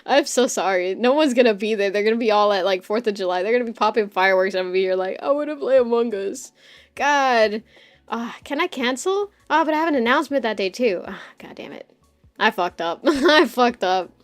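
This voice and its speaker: A woman's voice: fairly high pitch, lively intonation, fairly quick. A woman hosting a casual live stream, talking chattily, giggling often and swearing freely as she jumps from topic to topic. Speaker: streamer host.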